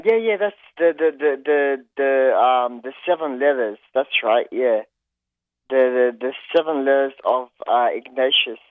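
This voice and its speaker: Male caller, dry phone-line sound, halting, full of "um"s. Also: medium pitch, dry recording. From Australia. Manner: hesitant, many "um"s and repeated words. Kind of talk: phone call to a radio show.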